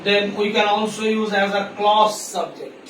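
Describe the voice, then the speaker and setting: High-voiced Bangladeshi teacher, echoey room. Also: male voice, steady tone, a bit bright. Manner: explains slowly, repeats examples, switches into Bengali. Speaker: English teacher. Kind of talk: classroom grammar lesson. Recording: echoey room from far off, faint noise.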